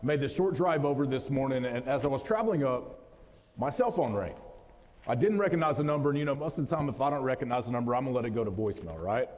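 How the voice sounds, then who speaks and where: A motivational speaker in his thirties from West Texas, with the region's accent, gives a joking, folksy talk straight to a live audience in an event hall. His medium-pitched, darkish voice comes out rapid-fire, with hardly any pauses. Long hall reverb trails his words.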